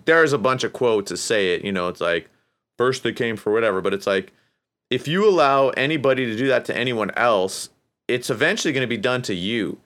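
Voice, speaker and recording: A man hosting a casual solo podcast, rambling and profane, breaking into high mocking voices. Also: animated, a little fast, fairly bright tone. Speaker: podcast host.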